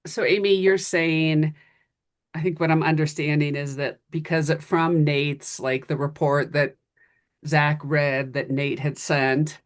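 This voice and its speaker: Board member on a video call, flat slow delivery, smooth clear voice, unsure. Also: mid-range voice. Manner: tentative, restating what others said. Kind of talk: meeting discussion.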